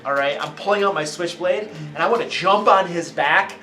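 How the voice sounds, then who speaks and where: A man's voice: high-pitched, normal speed, noisy background. A man playing a tabletop game, eagerly talking through his character's moves. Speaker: player. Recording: distant from mic in an echoey room.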